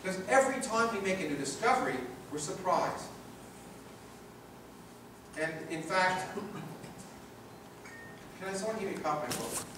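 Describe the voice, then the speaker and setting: A man's voice: high-pitched, expressive, moderate pace, pauses often, fairly bright tone, recorded from a distance, slight background noise. A man with a Canadian accent giving a public lecture and reading from his book, emphatic and rhetorical, with phrases built up in repetition. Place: large lecture hall. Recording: echoey hall recorded from afar.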